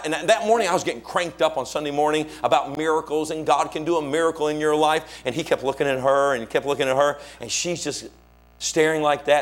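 A male pastor, preaching a sermon and telling stories, acting out the people he quotes. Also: on the high side. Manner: animated storyteller, acts out quoted voices. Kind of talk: sermon storytelling.

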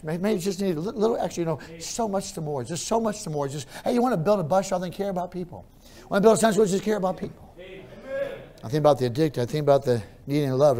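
Guy preaching a sermon, goes quiet then really loud, says stuff over and over. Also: a little high. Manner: repeats phrases for emphasis. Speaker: pastor.

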